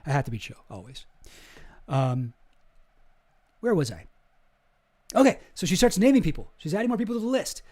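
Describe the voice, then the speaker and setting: A young man on a live stream giving casual commentary, animated and swearing as he gets worked up. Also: high voice, moderate pace, pauses often.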